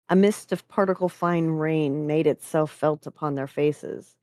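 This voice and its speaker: A woman reading a story aloud in a measured, unhurried way. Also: low-pitched, darkish tone, no echo, studio quality. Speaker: story reader.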